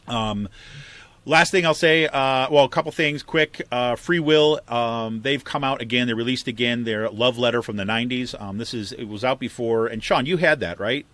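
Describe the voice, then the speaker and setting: A man with a mid-range, slightly bright voice co-hosts a political podcast. He chats casually and rambles, packing his talk with fillers and asides.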